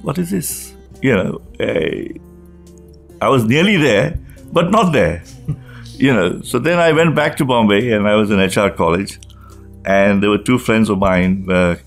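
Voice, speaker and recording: Older man, Indian English accent, lowish voice, animated storytelling, soft guitar behind. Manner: animated retelling, acting out remembered dialogue. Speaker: guest. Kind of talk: personal story told in an interview.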